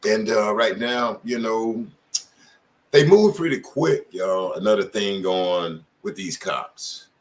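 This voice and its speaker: A man's voice: on the low side, lively intonation, takes it slowly. A middle-aged man hosting his channel, giving casual commentary in informal street talk and firing off pointed questions. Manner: impassioned, asks many pointed questions. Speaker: channel host.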